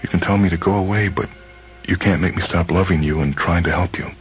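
A man reading a story, voicing a gentle, tearful young wife who speaks softly. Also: sits low, fairly even intonation, fairly quick, dull audio, faint music behind, lightly acted. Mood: pleading.

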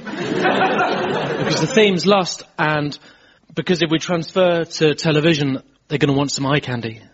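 Deadpan man speaking slowly on radio. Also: fairly high pitch, husky, some chatter behind. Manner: slow, deadpan. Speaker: poet guest. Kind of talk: deadpan comedy on a radio show. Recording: lo-fi radio recording with music and audience.

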